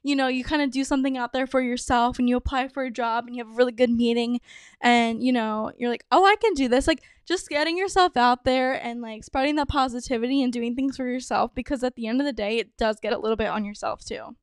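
A young adult woman hosting a podcast, telling stories in a chatty, excitable way with lots of fillers. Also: on the high side, fast talker, clear, resonant tone, no echo, clean studio sound. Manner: chatty, many "like"s, bubbly and excitable. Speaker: podcast host. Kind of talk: casual storytelling monologue.

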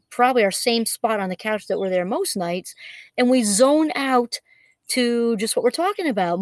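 A woman's voice: on the high side, no room sound. Chatty woman in her fifties, dry close sound. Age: 50s. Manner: rambling, full of "you know" and restarts. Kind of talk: casual reflective monologue.

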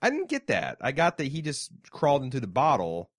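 A man's voice: medium pitch, wildly swooping pitch, a little fast, no echo, studio quality. A man co-hosting a casual podcast chat, joking around and reading listener mail aloud. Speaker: podcast co-host.

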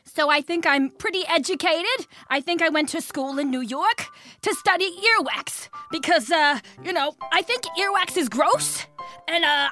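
A woman's voice: very high-pitched, sharp tone. A woman contestant talking in a giddy, rambling way. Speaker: game contestant. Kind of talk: casual improv chat.

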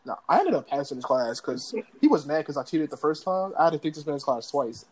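A man's voice: a little high, a little fast, rough recording. A young man telling funny stories casually among friends, laughing often and acting out the people in them. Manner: animated, laughs often, acts out voices in stories.

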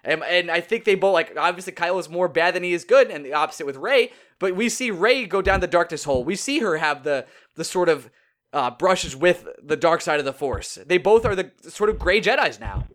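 A man co-hosting a casual podcast chat, excitable and animated as he tells stories. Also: high voice, a little fast. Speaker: podcast co-host.

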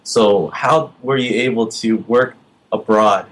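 A man's voice: lowish voice, slow, slight background noise, low-quality recording. A man co-hosting a podcast, asking easygoing, admiring questions with hesitant fillers. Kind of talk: casual interview questions.

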